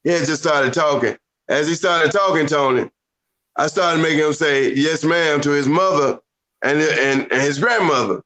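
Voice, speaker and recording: A man co-hosting a casual podcast chat, telling stories in an animated, lecturing way. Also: a little high, moderate pace, low-quality recording. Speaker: podcast co-host.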